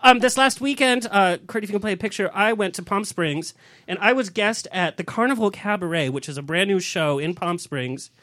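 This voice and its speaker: A man hosting a casual talk show, chatty and animated, telling stories with laughter. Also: high voice, fairly quick, dry recording. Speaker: show host. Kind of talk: casual chat show banter.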